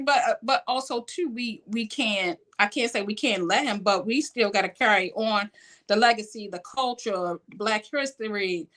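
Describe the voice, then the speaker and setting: A woman hosting a talk show, lively and quick to laugh, chatting casually with her guest. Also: medium pitch. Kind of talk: casual chat.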